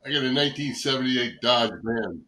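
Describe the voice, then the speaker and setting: Older male guest, rambling storyteller, bright forceful voice, roomy echo. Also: medium pitch, fairly quick, slight background noise. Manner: rambling anecdotes, swears, acts out quoted voices. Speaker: guest, former football player. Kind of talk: casual storytelling interview.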